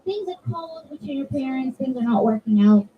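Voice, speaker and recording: A woman with a high voice gives a chatty religious talk to a room of children, often asking them questions. The mic sits some distance away, so she sounds dull and a little far off, with faint room ambience behind her. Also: expressive, normal speed, a little hiss or hum. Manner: chatty, asks the kids questions and answers them. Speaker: zakira addressing a children's majlis. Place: community center hall.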